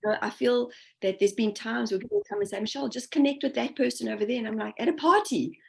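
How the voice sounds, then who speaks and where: Gravelly-voiced woman guest medium. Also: on the high side, steady tone, fast, darkish tone. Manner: reflective, full of fillers and quoted self-talk. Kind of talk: casual interview conversation.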